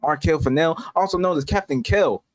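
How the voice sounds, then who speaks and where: A man's voice: a little high, brisk, no echo. A man co-hosting a podcast in casual chat, playful and teasing. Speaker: podcast co-host.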